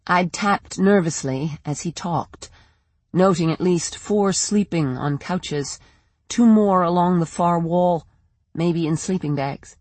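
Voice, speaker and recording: Audiobook narrator, first-person story, steady measured read, dry close mic. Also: mid-range voice, no echo.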